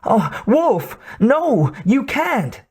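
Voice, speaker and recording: A man voicing a nervous young male scientist who pleads in a high, breathless voice. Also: huge pitch swings, drawn-out words, darkish tone, husky, heavily acted. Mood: pleading.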